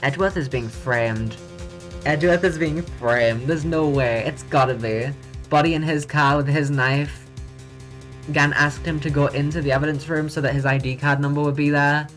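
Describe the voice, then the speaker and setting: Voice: medium pitch, fairly even intonation, moderate pace, fairly bright tone, faint music behind. A tired, yawning streamer reading game text aloud and reacting bluntly with swearing during a live playthrough.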